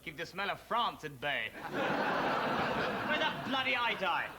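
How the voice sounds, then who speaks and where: An actor playing a rude, bigoted ex-British ambassador in a TV comedy sketch, blustering out insults. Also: male voice, high voice, sing-song, slow, heavy background noise, exaggerated voice. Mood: sneering. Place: TV studio with live audience. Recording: studio audience laughter.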